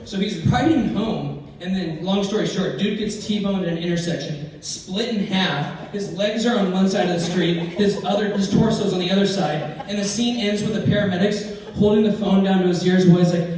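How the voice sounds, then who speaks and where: A man's voice: high voice, normal speed, hardly any pauses, darkish tone. A man doing a stand-up comedy set, telling brash, profane stories and acting out the lines of others. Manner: brash, profane storytelling with acted-out quotes. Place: comedy club stage. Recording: echoey club from far off. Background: audience laughter.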